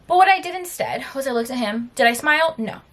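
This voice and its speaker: A young adult woman chatting casually as a book vlogger, tired but animated, telling stories with sassy, emphatic asides. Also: sits high, quick pace.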